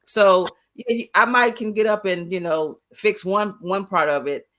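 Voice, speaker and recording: A retired older woman with a bright, forward voice, chatting easily and laughing as she tells her stories. Her talk is loose and lively, full of asides. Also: mid-range voice, unhurried. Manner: chatty, laughing, animated storytelling. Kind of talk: casual chat.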